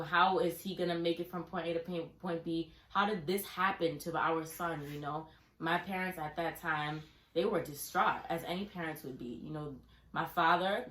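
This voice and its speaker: A young woman telling a family story casually, acting out her younger self's questions and laughing through the worst parts. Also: fairly low pitch. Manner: animated, acts out her younger self in quoted questions. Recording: echoey room.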